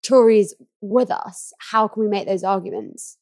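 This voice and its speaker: A woman hosting a podcast interview, asking reflective, measured questions. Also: medium pitch, darkish tone. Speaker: podcast host.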